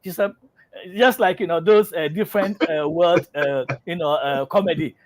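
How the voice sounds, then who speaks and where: Animated man telling a prank story. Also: a little high, normal speed, no echo. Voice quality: animated storyteller, many fillers and restarts. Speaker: health show host and lab worker. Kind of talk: casual storytelling and reading out health info.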